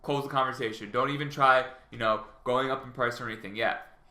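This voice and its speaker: Man, casual vlogger, bright forceful tone, rambling delivery full of fillers and restarts, echoey room. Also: medium pitch, steady tone, brisk. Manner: rambling, many fillers and restarts, acts out phone dialogue. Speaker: vlogger giving sales tips. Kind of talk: casual advice vlog.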